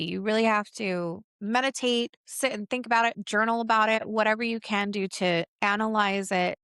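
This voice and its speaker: Woman podcast co-host, mid-pitched, chatty and animated, dry close recording. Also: no room sound. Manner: animated storyteller. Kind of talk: casual podcast chat.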